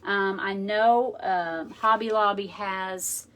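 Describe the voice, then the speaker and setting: A woman's voice: mid-range voice, fairly even intonation, slow, a bit bright. A woman hosting a craft tutorial, chatting casually and thinking aloud as she works. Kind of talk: casual how-to demonstration.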